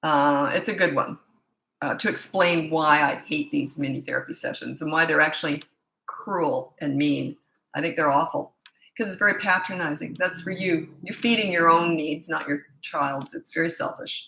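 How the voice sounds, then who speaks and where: A woman's voice: low voice, moderate pace, gravelly, pushed and bright, roomy sound. A woman parenting coach giving blunt, emphatic advice in a casual monologue, repeating her points for stress.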